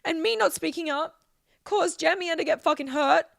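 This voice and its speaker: A young woman pours out a heated, profane, emotional vlog rant straight to camera. Her voice sits high and carries a gravelly fry. The sound is close and dry, with no room echo. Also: normal speed. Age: 20s.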